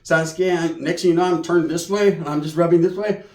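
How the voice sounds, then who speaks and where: A young man from spins a crude comic story in loose, profane street slang. His voice sits fairly high, and it rings around a roomy space. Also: steady tone, a little fast, darkish tone. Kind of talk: comedic storytelling. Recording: roomy echo.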